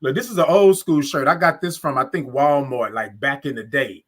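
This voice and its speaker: Southern man, live-stream host, upbeat and chatty, slightly higher voice, drawn-out sung greetings. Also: a bit bright. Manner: upbeat, greets viewers by name, drawn-out sung good mornings. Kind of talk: casual live-stream chat.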